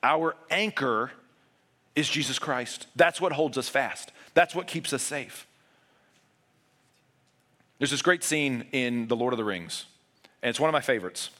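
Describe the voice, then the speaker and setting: A man preaching a sermon as pastor, earnest, moving between raised urgent passages and hushed, low emphasis. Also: unhurried, pauses often.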